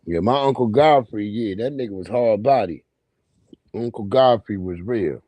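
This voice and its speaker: On a dry recording, a man with a lowish voice and dark tone hosts a livestream. He talks casually and at length, telling meandering stories peppered with profanity.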